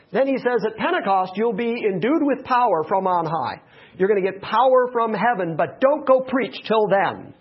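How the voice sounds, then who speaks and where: A man preaches with emphatic, repeated phrases. His voice sits a little high and has a husky edge. The recording sounds dull and lo-fi. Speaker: pastor. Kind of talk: sermon.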